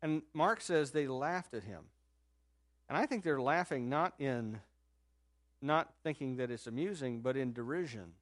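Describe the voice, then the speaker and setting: A man preaching a sermon in a conversational, animated storytelling manner, rising sharply in pitch and loudness at times and dropping to a soft low voice for quoted words. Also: a little slow. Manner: drops to a soft, low voice when quoting Jesus. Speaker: pastor.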